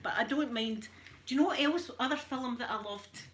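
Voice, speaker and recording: A woman's voice: a little high, brisk, fairly bright tone, a little hiss or hum. A middle-aged woman with a Scottish accent chatting casually and joking through an ASMR ironing video, laughing often. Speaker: ASMR creator.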